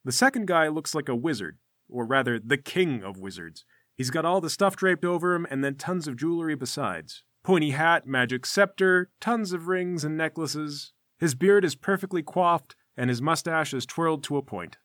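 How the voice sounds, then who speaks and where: Bright-voiced male game master. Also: on the high side, lively intonation, normal speed, no room sound, clean studio sound. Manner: vivid, playful scene description. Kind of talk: narrating a tabletop game.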